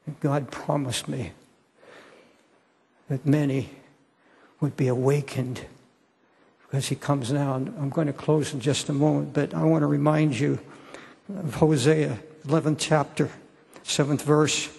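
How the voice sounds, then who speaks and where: An older male preacher pleads with his listeners at an unhurried pace, often repeating himself. His voice is gravelly and husky and sits a little high, with a long reverb trailing behind it. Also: fairly even intonation, a little mellow. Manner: slow, pleading, repeats words. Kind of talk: sermon with altar call.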